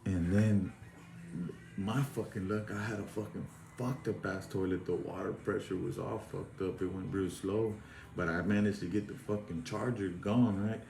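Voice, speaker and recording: Low-voiced man telling a profane story. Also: fairly even intonation, moderate pace, creaky, darkish tone, faint music behind. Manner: profane, rambling, street slang. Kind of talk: casual storytelling. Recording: echoey room with faint noise.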